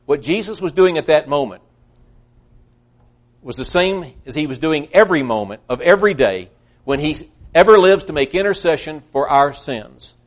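Guy preaching a sermon, kinda high voice, earnest, goes loud then real hushed. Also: lively intonation, moderate pace. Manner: earnest, swings from loud emphasis to hushed tones. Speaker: pastor.

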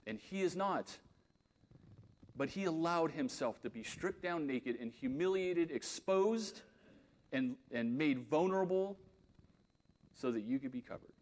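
Earnest male preacher, loud-then-quiet delivery. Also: a little high, expressive, unhurried, long pauses. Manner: earnest, swings from loud emphasis to quiet intensity; leads a closing prayer. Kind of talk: sermon.

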